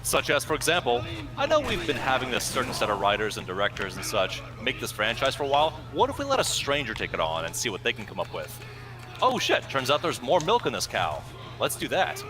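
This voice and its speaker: Male co-host, mid-pitched, wordy and analytical, loud game music behind him. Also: wildly swooping pitch, fairly quick. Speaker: co-host gaming commentator. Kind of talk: casual gameplay chat.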